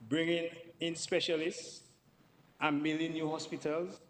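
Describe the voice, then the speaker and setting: A man speaks in a parliamentary debate. He is emphatic and piles up repeated words for stress, in a somewhat high voice. The chamber adds a long reverb under a faint noise floor. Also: little pitch movement, measured pace. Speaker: member of parliament.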